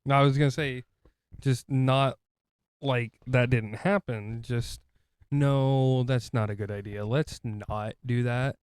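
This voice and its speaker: Smooth-voiced man, playful movie chat. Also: medium pitch, fairly even intonation, slow, a little mellow, dry recording. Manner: chatty, playful jokes, often asks questions. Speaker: podcast co-host. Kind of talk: casual film discussion.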